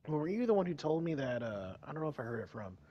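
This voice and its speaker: A man's voice: a little high, very animated, fast talker, no room sound, dull audio. Laid-back man gaming with a friend. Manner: laid-back, says dude a lot. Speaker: co-op guest player. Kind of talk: casual gaming stream chat.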